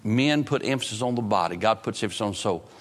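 A man preaching a sermon, swinging from loud outbursts to low, drawn-out phrases. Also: lively intonation. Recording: long hall reverb.

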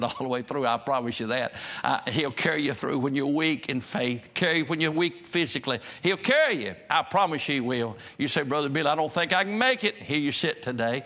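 Male pastor, mid-pitched voice, folksy sermon delivery with emphatic rises and repeated refrains. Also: fairly bright tone.

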